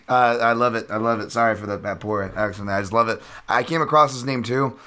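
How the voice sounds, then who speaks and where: A man's voice: mid-range voice, a little fast, hardly any pauses, pushed and bright. A man hosting a casual podcast, joking around loosely and swearing now and then. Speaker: podcast host.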